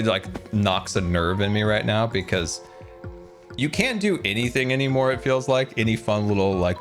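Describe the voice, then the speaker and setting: A man streaming a game, chatting casually and rambling, self-deprecating, with many fillers. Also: fairly low pitch. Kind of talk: casual game livestream chat. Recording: music playing behind the voice.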